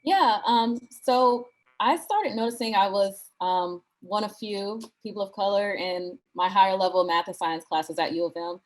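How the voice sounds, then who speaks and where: A woman from Michigan speaking as a panelist, thoughtful and measured, with frequent pauses. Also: medium pitch, poor audio. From Flint, Michigan. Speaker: alumna panelist. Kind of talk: panel discussion.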